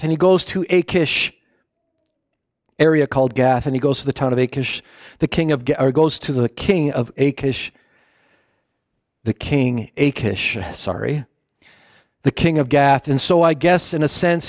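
A man preaching a sermon with animated storytelling who often corrects himself mid-phrase. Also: a little high, moderate pace, dry recording, clean studio sound.

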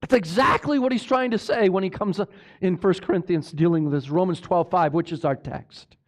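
High-voiced preacher calling for amens. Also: male voice, moderate pace. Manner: emphatic, asks the congregation for amens. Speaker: pastor. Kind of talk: sermon.

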